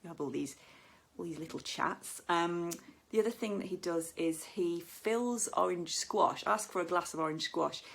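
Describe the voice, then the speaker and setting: A woman's voice: fairly low pitch, moderate pace, creaky, a bit bright, breathy edge. A woman performing a stand-up comedy set, telling chatty stories and acting out the voices of people she quotes.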